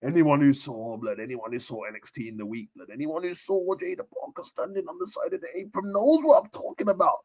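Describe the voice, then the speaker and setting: A young man chatting casually on a live stream about wrestling, full of slang, jumping between shouting and near-whispers. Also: mid-range voice, expressive, quick pace, hardly any pauses.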